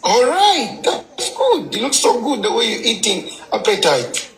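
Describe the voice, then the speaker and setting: A man's voice: very high-pitched, sing-song, unhurried, fairly bright tone, soft background music. A man calling into a livestream, teasing and asking questions over and over. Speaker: livestream caller. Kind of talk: casual livestream chat.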